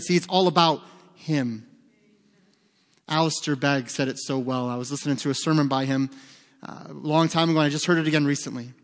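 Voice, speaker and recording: Earnest guy preaching a sermon, fairly high voice, big echoey church hall. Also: steady tone, a little fast. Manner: earnest, emphatic, rhetorical questions. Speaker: pastor.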